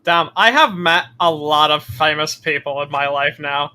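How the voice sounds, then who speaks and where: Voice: medium pitch, moderate pace, bright, forceful tone. A player chatting casually at a tabletop game, often laughing.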